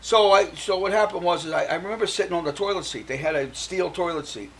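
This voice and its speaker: A man's voice: sits high, fast talker, low-quality recording. An older man, a guest on a talk show, telling his personal story and acting out the voices of the people he quotes.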